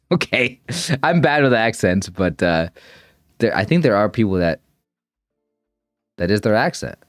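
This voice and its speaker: A man's voice: fairly low pitch, very animated, a little slow, long pauses, no room sound, studio quality, soft background music. A man thinking aloud as he reacts to a puzzle video, rambling and correcting himself as he goes. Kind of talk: casual thinking-aloud commentary.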